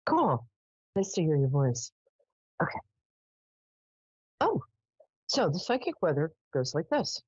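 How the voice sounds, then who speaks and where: A woman hosts a live psychic call-in show in a low voice that moves around a lot in pitch. She talks casually with many "um"s and laughs. The sound is a bit husky, dry and lo-fi. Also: slow, long pauses, no echo. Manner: chatty, animated, lots of "um"s and laughs. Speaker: psychic radio host.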